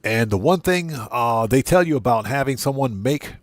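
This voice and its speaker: A man chatting casually to viewers while he streams a game. He talks at a middle pitch and keeps repeating his points for emphasis. The sound is dry and close, with no room around his voice. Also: lively intonation, normal speed, dry recording. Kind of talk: casual livestream chat.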